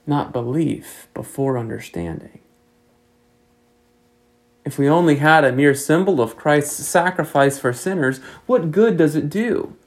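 Gravelly-voiced male pastor preaching earnestly. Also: fairly high pitch, darkish tone, low-quality recording. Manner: measured, earnest preaching with rising rhetorical questions. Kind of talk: sermon.

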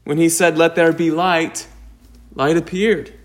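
A man preaching a sermon, slow and deliberate, with emphatic rises on key points. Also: a little high, fairly even intonation. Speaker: pastor.

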